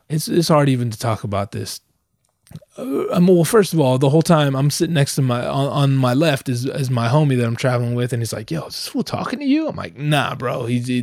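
A young man telling a profane, exasperated story in a dry close recording, with slangy talk that keeps stammering and restarting. His pitch stays mid-range as he rants animatedly. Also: darkish tone, no echo. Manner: stammers and restarts when worked up. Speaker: vlogger. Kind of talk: casual storytelling rant.

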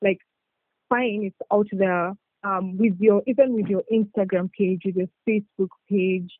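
A podcast guest talking excitedly in casual chat, full of fillers. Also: mid-range voice, a little slow, no room sound. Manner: excitable, filler-heavy, says like a lot. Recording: tinny phone-like line, dry.

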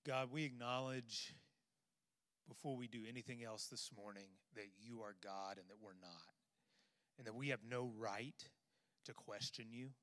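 A man, a pastor, leading an earnest congregational prayer in a church sanctuary, halting at times with fillers. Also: lowish voice, a bit bright. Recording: long reverb of a large hall.

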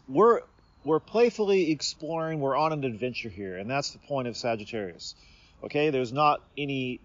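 Rambling man podcasting outdoors. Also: medium pitch. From Seattle area, USA. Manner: meandering, self-interrupting, playful. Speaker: podcast host. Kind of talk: rambling casual monologue. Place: outdoors under a tree. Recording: slightly dull recording.

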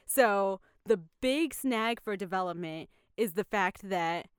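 Chatty young woman with a smooth voice. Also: medium pitch, takes it slowly, no room sound, studio quality. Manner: chatty, laughing storyteller, lots of "like". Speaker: podcast co-host. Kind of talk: casual chat.

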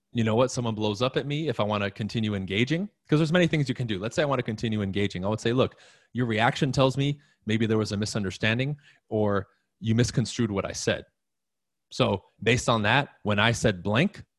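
A man's voice: medium pitch, no echo, clean studio sound. A man giving a casual, emphatic motivational talk to an audience, repeating key phrases and asking them questions. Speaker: motivational speaker.

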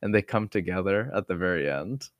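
A man's voice: low-pitched, fairly quick, no echo, studio quality. A young man co-hosting a podcast, chatting casually about films with crude jokes. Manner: animated, joking, crude humor. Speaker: podcast co-host. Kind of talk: casual chat.

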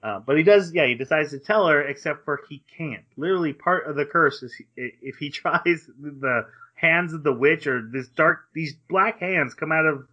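A man's voice: a little high, normal speed, hardly any pauses, bright, forceful tone. A man co-hosting a podcast, casually recapping an anime and acting out the characters' lines. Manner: rambling retelling with acted-out quotes and laughs. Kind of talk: casual chat. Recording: dull lo-fi sound.

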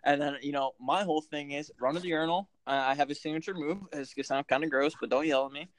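A man's voice: on the high side, fairly even intonation, quick pace. A man in casual chat, trading crude jokes and anecdotes. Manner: crude, joking banter.

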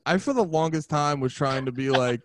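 A man from New Jersey co-hosts a podcast, with a voice a bit higher than most men's. He is crude and animated, laughing often as he tells stories. He is heard close and dry with no room around him. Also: moderate pace, no room sound. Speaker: podcast co-host. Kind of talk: casual chat.

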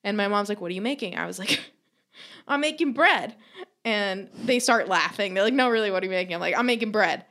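Speaking fast in a medium-pitched, fairly bright voice, a young woman spins a funny story on a podcast. It's loose, casual chat full of swearing, laughter and acted-out quotes.

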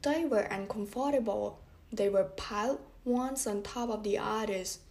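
A woman reading a children's story aloud, gently voicing the characters. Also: mid-range voice, a little slow. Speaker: audiobook reader. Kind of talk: storybook narration.

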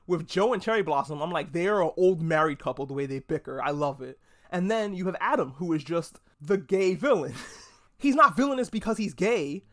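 A podcast host giving a casual, excitable pop culture review, swearing freely and restarting words. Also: mid-range voice, fairly quick. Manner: excitable, gushing.

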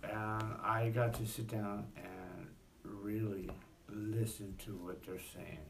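A man's voice: on the low side, fairly even intonation, slow, a little hiss or hum. A man talking as a father in a discussion group, reflective and searching for his words.

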